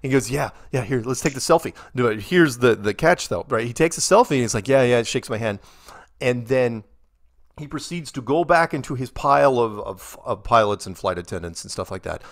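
A man's voice: mid-range voice, expressive, normal speed. Rambling American man telling stories. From United States. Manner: rambling anecdotes with quoted dialogue and many restarts. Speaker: interview guest. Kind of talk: casual storytelling interview.

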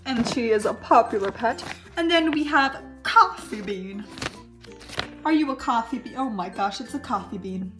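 A woman chatters through a toy unboxing in a hyper, gushing way, her voice sitting high. The room around her rings with a roomy echo. Soft music plays faintly underneath. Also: animated, moderate pace. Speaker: toy reviewer. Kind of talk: casual unboxing chat.

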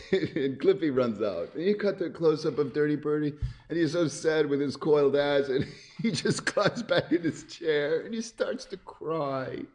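A man excitedly narrating his cartoon idea, laughing through it and acting out sound effects and cries. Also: sits high. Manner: keeps laughing at his own story. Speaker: animator pitching a cartoon. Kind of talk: excited story pitch narration.

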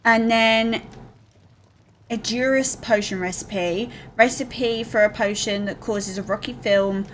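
A young woman from the UK giving excitable, gushing let's play commentary, reading in-game text aloud. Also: a little high, slow pace, a little hiss or hum. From United Kingdom. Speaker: gaming streamer.

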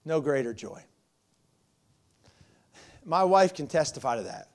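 A man in his forties preaching a sermon as pastor, swinging from loud emphasis to quiet, confiding asides. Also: fairly high pitch, big pitch swings, measured pace, long pauses.

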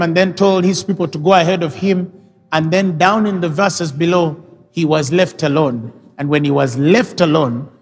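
A male pastor preaching a sermon, retelling scripture and driving his points home with rising, emphatic questions. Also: fairly high pitch. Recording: reverberant hall with faint music.

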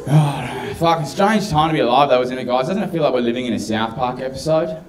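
A man doing stand-up in a dry, deadpan way. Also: medium pitch, a little fast. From Australia. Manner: dry, deadpan delivery of edgy jokes. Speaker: stand-up comedian. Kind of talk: stand-up routine. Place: comedy club stage with audience. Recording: live club, crowd audible.

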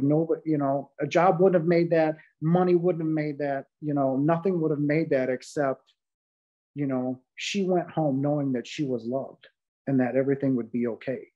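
Middle-aged man, heartfelt testimony, emphatic, fillers and restarts, dull lo-fi sound. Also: medium pitch. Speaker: guest sharing a near-death experience. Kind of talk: earnest testimony in a podcast interview.

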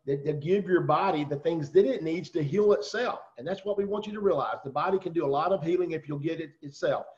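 A man with a Southern US accent hosting a video call, pitching persuasively and addressing listeners directly. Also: a little mellow, highs cut off. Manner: persuasive, talks straight to listeners. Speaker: host.

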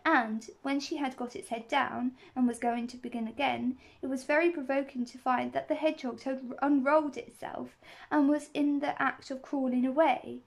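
A woman's voice: high voice, steady tone, normal speed, vocal fry. A woman reading a children's novel aloud, steadily, with small slips and restarts. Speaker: reader.

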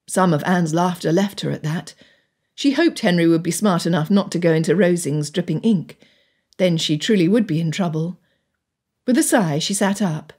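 A woman narrating an audiobook in an even, measured storytelling manner. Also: fairly low pitch, slightly rough. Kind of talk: scripted narration.

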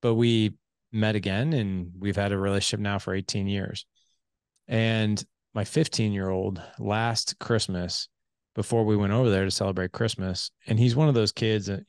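A man in his forties, a podcast host, telling a personal story in casual conversation and acting out the dialogue with lively voices. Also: fairly low pitch, creaky, no echo, studio quality. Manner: animated storyteller who acts out quoted dialogue.

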